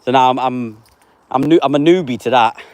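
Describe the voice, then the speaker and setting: A man's voice: medium pitch, brisk, a little mellow, dry recording. A man, chatting casually on a live stream and answering viewers by name. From England. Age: 30s. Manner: reads out viewer names and answers them offhand.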